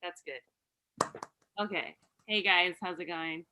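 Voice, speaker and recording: A woman doing a rambling, halting stand-up set full of fillers over a video call. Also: fairly low pitch, noisy background. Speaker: stand-up comedian.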